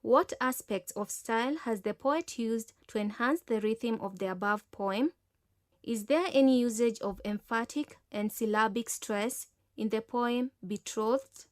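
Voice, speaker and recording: Slow, measured woman teacher narrating. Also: fairly high pitch, no echo, clean studio sound. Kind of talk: scripted lesson narration.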